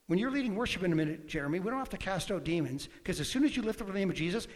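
A man preaching a sermon, emphatic, swinging between loud bursts and quiet asides. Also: high voice, lively intonation, very fast, few pauses. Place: church hall. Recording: long hall reverb.

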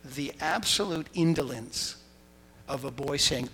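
A man preaching a sermon, telling the story with lively asides and acting out quoted voices. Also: a little high, a little slow. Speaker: pastor. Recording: hall reverb, faint noise.

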